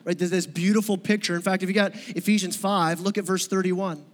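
A man's voice: high-pitched, level tone, brisk, long reverb tail. A male pastor giving a sermon in a conversational, joking way, often asking the congregation questions. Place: church sanctuary.

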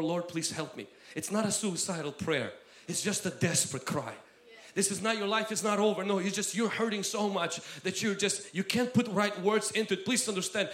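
Male preacher, high-pitched and impassioned, delivering a sermon in a roomy, echoing space. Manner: impassioned, swings between loud exhortation and quiet asides. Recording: roomy echo.

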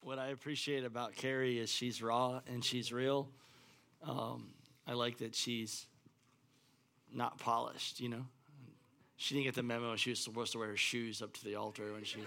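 Male pastor, sharp gravelly tone, casual pulpit talk. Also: medium pitch, steady tone, moderate pace. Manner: loose, conversational, many fillers.

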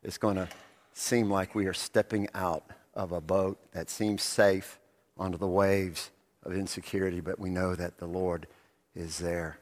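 A male pastor preaching a sermon, telling the story vividly and asking rhetorical questions of the congregation. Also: deep voice. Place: church sanctuary. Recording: long reverb of a church hall.

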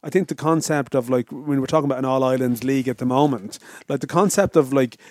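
A man's voice: mid-range voice, fast, a little mellow, no echo, studio quality. Thoughtful man, explaining at length. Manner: explains at length, hedging and restarting. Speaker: podcast host. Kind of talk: casual football chat.

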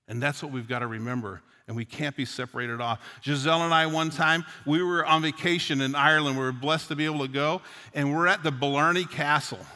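A man's voice: on the high side, steady tone, brisk, bright, forceful tone. A middle-aged male pastor from Newfoundland preaching a sermon, earnest and mixing in personal stories. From Newfoundland, Canada. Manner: earnest preaching, storytelling asides. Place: church sanctuary. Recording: long hall reverb.

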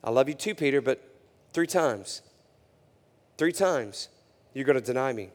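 A man voicing a calm, knowing male teacher who speaks quietly, low and gentle. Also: measured pace, long reverb tail, lightly acted.

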